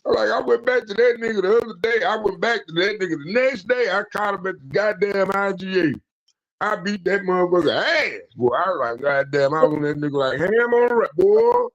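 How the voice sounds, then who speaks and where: A man on an online stream call, telling a story in a casual, profane, animated way and acting out the quotes. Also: high-pitched, fairly quick, highs cut off. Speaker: panel guest.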